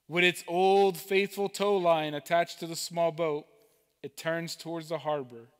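A man preaching, telling a parable slowly and deliberately as a pastor. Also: fairly high pitch, steady tone, clear, resonant tone, in a large hall. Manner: slow, deliberate storytelling. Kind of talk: sermon storytelling. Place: church sanctuary.

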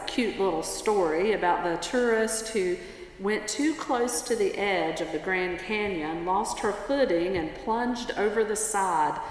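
A woman pastor preaching a sermon in a church sanctuary, telling a story in an unhurried way. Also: medium pitch, slight background noise. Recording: echoey church with long reverb, faint ambience.

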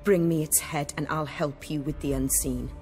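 A woman's voice: low voice, fairly even intonation, moderate pace, darkish tone, faint music behind, close to an everyday voice. An actress playing a cold, commanding noblewoman who speaks in cool, clipped lines.

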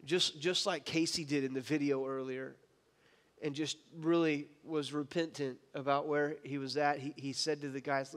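A man's voice: on the high side, fairly even intonation, normal speed, fairly bright tone. A man preaching a sermon as pastor, impassioned and conversational, with frequent restarts. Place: church sanctuary. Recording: church hall reverb.

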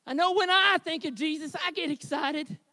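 A man preaching a sermon as pastor, with a high tenor voice, earnest and building to shouted exhortation. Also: normal speed, no room sound.

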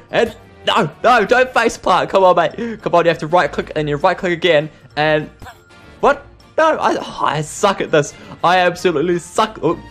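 A young man doing excitable gameplay commentary, exclaiming and laughing at his own mistakes. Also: a little high. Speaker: gaming YouTuber.

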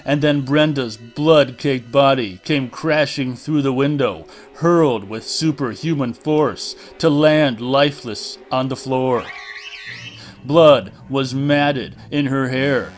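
A man reading a horror novel aloud in a deliberate, dramatic narration style. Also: medium pitch, faint music behind. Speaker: audiobook reader.

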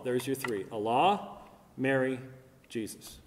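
A man's voice: mid-range voice, lively intonation, slow. A middle-aged man giving an apologetics lecture in a church hall. He argues emphatically and pushes his voice up on key points, with fillers and restarts in between. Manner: emphatic, argumentative, rising loud on key points. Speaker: Christian apologist speaker. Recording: long hall reverb.

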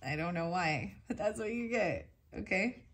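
A woman's voice: lowish voice, expressive, normal speed. A woman giving a tarot reading in a casual, rambling way, thinking aloud as she goes and questioning herself. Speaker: tarot reader.

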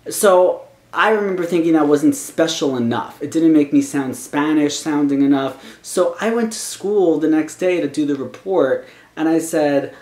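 A young man, born in Colombia, talking casually to camera in an excitable, animated way with laughing asides. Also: on the high side, normal speed. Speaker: vlogger. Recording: echoey room with faint music.

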